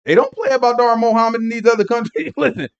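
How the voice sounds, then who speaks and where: A man teaching a Sabbath Bible lesson in an animated, rambling way, laughing often and breaking into emphatic asides. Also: very high-pitched, fast talker, vocal fry, clear, resonant tone, dull audio.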